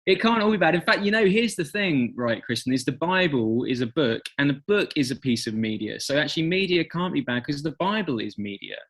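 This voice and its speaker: A middle-aged man with an English accent, a guest on an interview podcast, telling stories with animated acted-out quotes. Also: on the high side, fairly quick, few pauses. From England. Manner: animated storyteller, acts out quotes. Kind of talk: conversational interview.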